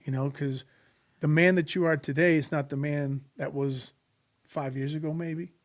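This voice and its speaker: A man's voice: a little high, steady tone, normal speed. A man telling a personal faith testimony in casual podcast conversation, earnest and preacherly, acting out the voices of people in his story. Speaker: podcast guest sharing testimony.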